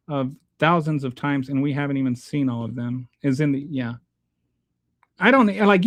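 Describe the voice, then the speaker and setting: A man hosting his own show, reading viewer comments aloud and answering them in a halting, blunt, exasperated way, restarting his sentences often. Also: fairly high pitch, no echo. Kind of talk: casual unscripted commentary.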